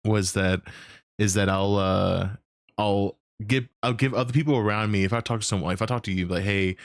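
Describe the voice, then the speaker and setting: A man's voice: on the low side, a little fast, no echo. A man hosting a casual chat who rambles and restarts as he hunts for words. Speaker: podcast host.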